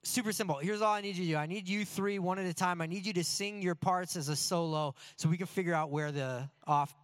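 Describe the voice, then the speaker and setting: A brisk music teacher with a high, bright lilt and a falsely breezy, take-charge manner, as a man puts her on while telling a story. She keeps things upbeat until she tips into fluster. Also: clear, resonant tone, natural voice.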